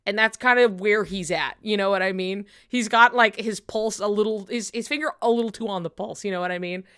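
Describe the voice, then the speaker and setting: A woman's voice: mid-range voice, a little fast, a bit bright, clear, resonant tone. A woman streamer chatting casually during a watch-along, rambling with lots of fillers, swearing and frequent laughter.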